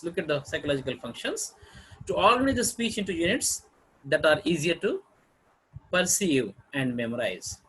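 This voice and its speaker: A man teaching a lesson on intonation, explaining slowly with pauses and fillers and clearing his throat now and then. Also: a little high, a bit bright, slight background noise, low-quality recording. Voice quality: husky, clears throat often. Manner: slow, halting explanation with fillers and repeated example phrases. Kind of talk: lecture on intonation.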